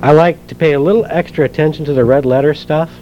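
A man's voice: on the high side, steady tone, quick pace, slight background noise. Guy preaching a sermon, chatty, asks the crowd stuff, kinda muffled recording. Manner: conversational, asks the congregation questions. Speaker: pastor.

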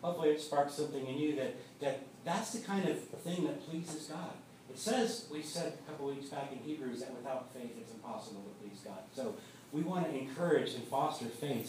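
Conversational male pastor, mid-pitched, recorded far from the mic in a very echoey church hall. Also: a little mellow, a little hiss or hum. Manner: conversational, repeats words when starting a thought. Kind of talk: sermon.

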